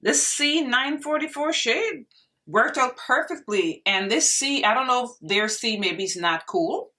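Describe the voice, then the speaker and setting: A woman's voice: on the high side, expressive, unhurried, sharp tone, recorded from a distance. A young woman reviewing makeup in a casual vlog, gushing and exclaiming to her viewers as if they were friends. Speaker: beauty vlogger.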